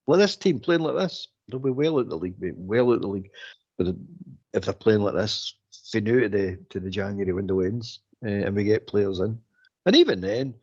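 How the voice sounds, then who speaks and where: A man on a football phone-in, talking in an exasperated, repetitive, animated way. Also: on the low side, creaky, slightly rough, dull audio. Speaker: phone-in pundit. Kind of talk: casual football chat.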